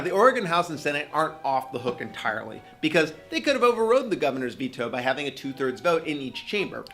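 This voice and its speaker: A man's voice: a little high, pushed and bright. A man giving blunt, opinionated commentary in a video, casually profane. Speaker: motorcycle video creator. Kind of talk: video commentary with a read-out excerpt. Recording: video clip with faint background music.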